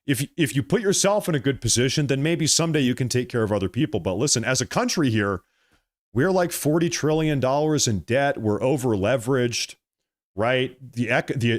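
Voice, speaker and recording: A man hosting a political livestream, reading viewer comments aloud and answering them in an emphatic, repetitive way. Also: mid-range voice. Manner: emphatic, repeats phrases, thanks viewers by name.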